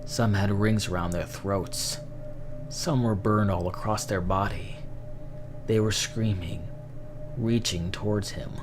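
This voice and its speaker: A man narrates a horror story slowly and dramatically in a low voice. Eerie music with a droning singing bowl runs steadily behind him. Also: steady tone, slightly rough. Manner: slow, measured, dramatic.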